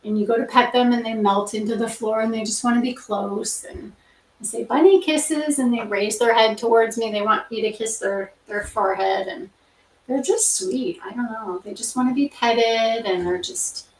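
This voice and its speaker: A middle-aged woman from Canada, chatting casually and rambling softly with fillers between study sessions. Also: medium pitch, recorded from a distance. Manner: soft, rambling storytelling with many fillers. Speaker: nursing grad student, study-with-me host. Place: home room. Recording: roomy, from off the mic.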